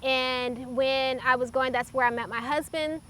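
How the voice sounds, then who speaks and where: A woman with a high, bright voice shares her personal faith testimony. She speaks earnestly and reflectively, with frequent halting pauses. Her tone carries a clear, sharp edge. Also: steady tone.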